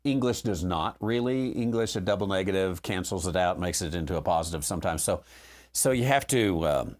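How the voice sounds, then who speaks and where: A man's voice: low voice, expressive, fairly quick, darkish tone. A man hosting a theology question show, working through scripture and thinking aloud as he explains. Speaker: host answering theology questions. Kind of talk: unscripted Bible teaching.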